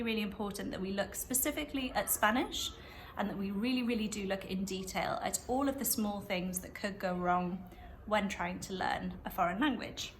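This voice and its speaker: A woman teacher calmly walking students through a revision method, repeating phrases slowly and clearly. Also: mid-range voice, slight background noise. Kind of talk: revision lesson walkthrough.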